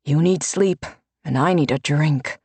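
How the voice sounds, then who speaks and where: A woman's voice: low-pitched, a little slow, darkish tone, breathy edge, no room sound, heavily acted. A woman voicing a kindly older male mentor with dry humor. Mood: fond.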